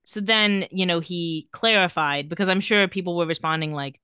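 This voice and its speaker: Bright, crisp woman podcast host. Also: on the low side, moderate pace, no room sound, studio quality. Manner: recounting tweets with wry commentary. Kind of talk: casual podcast chat.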